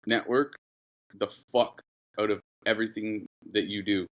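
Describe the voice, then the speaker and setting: A man's voice: lowish voice, moderate pace. A man, a guest mechanic, telling casual stories with a lot of swearing and acting out the people in them. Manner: profane, animated, acts out the people in his stories. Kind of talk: casual storytelling.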